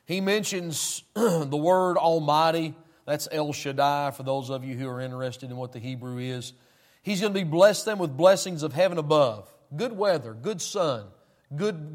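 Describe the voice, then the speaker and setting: A man preaching a sermon, swinging between loud emphasis and quiet asides. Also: on the high side.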